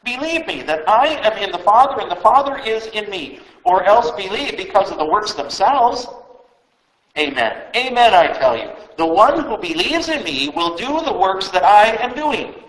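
A man voicing a calm male teacher speaking solemn, tender last words, recorded in a roomy space. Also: sits high, normal speed, pitched above the performer's own voice. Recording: roomy echo.

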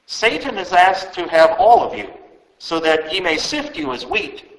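A man voicing a calm male teacher speaking solemn, tender last words, recorded in a roomy space. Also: high-pitched, measured pace. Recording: roomy echo.

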